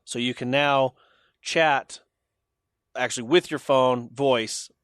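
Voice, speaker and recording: A man's voice: medium pitch, slow pace, clean tone, no room sound. Male podcast host, mid voice, laid-back, moves topics along; dry sound. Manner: relaxed, steers the talk between stories. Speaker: podcast host leading segments. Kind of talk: casual tech chat.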